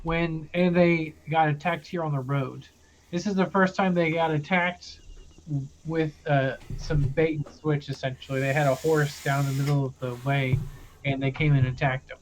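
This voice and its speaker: A young man recapping a tabletop campaign as game master, loose and rambling with many pauses. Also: on the high side, steady tone, a little hiss or hum.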